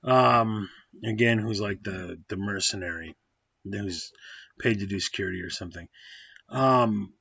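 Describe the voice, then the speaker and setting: A man's voice: lowish voice, measured pace, creaky, sharp tone, slightly rough, no room sound, dull audio. A man giving a casual spoken movie review, rambling and digressive, with many fillers and self-corrections, and blunt, profane comments.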